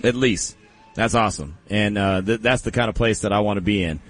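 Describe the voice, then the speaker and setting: A man hosting a sports talk show, loose and jokey with animated banter. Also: fairly low pitch, fairly quick, soft background music. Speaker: sports talk radio host.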